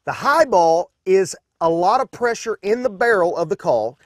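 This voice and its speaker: A man's voice: high voice, expressive, normal speed, no echo. Man teaching duck calls, dry sound. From Arkansas. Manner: folksy, demonstrative, mimics duck sounds. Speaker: duck calling instructor. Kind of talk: instructional demonstration. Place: outdoor duck blind.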